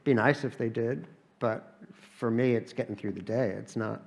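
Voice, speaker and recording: A gravelly-voiced American man tells stories with a dry, satirical wit. He talks at an ordinary middle pitch and often stumbles and restarts mid-sentence. He is a guest author on stage at a live event. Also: moderate pace. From United States. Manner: wry comic storytelling with frequent restarts.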